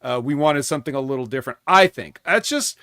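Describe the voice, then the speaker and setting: A man's voice: medium pitch, animated, fast, bright, forceful tone, dry recording, studio quality. A man on a podcast panel in casual chat, thoughtful and hedging, often restarting sentences.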